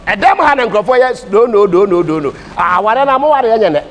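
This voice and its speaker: A man's voice: sits high, lively intonation, brisk, fairly bright tone. A Ghanaian man teaching a Bible class in a sermon style, speaking with a Ghanaian English accent and mixing English with Twi in an emphatic preaching cadence. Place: church hall. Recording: distant hall reverb with faint ambient noise.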